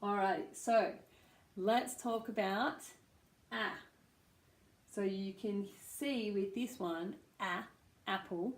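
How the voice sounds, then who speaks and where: A woman's voice: mid-range voice, slow pace, long pauses, echoey room. A woman with an Australian accent, teaching a pronunciation lesson and demonstrating vowel sounds patiently. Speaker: accent coach.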